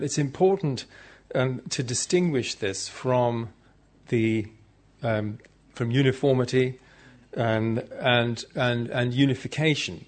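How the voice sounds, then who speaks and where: A man giving an informal, good-humored conference talk, chatting directly with the audience. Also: mid-range voice. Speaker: conference speaker.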